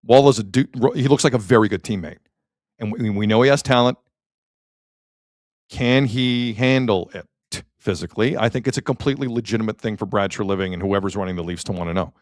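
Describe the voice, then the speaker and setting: A man with a Canadian accent hosting a sports talk show, opinionated and animated, reacting to chat comments. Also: on the low side, fairly quick, no room sound, studio quality. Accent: Canadian English.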